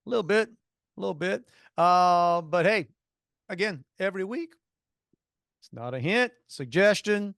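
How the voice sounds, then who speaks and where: A man's voice: sits high, expressive, unhurried, creaky, long pauses, fairly bright tone, dry recording, studio quality. A man co-hosting a podcast in casual chat, rambling and jokey, often restarting his sentences. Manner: rambling, self-interrupting, jokey. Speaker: podcast co-host.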